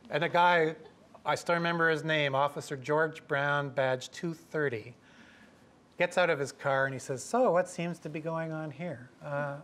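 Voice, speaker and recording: A middle-aged man from Canada telling a lively story to an audience, acting out the voices of the people in it. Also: a little high. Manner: lively, acts out quoted voices. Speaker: professor telling a story at a talk.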